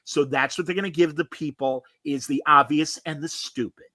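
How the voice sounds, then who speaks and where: A man's voice: on the high side, normal speed, bright, forceful tone. A man hosting a podcast, chatting in a casual, opinionated and rambling way over a video call, full of fillers. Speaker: podcast host. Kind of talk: casual review chat.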